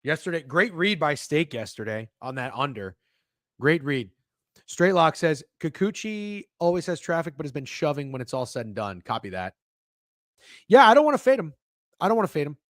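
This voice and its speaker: An excitable young man riffs through his betting picks in a loose, profane ramble, tripping over restarts. His pitch leaps around in a very animated way. The sound is dry and close, with no room around it. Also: normal speed, no echo. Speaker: sports betting show host. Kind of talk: casual livestream betting talk.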